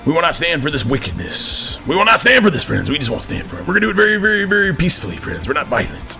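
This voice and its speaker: A drawling man in the persona of a command sergeant major delivers a preachy, heated rant to his camera in an office, talking fast with hardly any pauses over faint music. His voice is bright, edgy and gravelly with fry, leaping and diving wildly in pitch as he stammers and restarts, and he repeatedly calls out to "friends."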